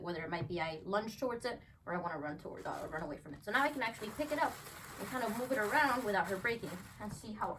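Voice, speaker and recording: This woman dog trainer speaks quickly in a mid-range, slightly bright voice, breaking into upbeat praise for her dogs as she explains a demo at home. The recording picks her up from a distance over a faint background hum.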